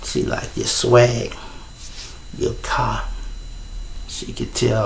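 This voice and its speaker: A middle-aged man with a Chicago accent, hosting his show and telling a profane, animated story in a casual way. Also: medium pitch, slow pace, vocal fry, long pauses, slight background noise. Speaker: show host. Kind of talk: storytelling on a livestream.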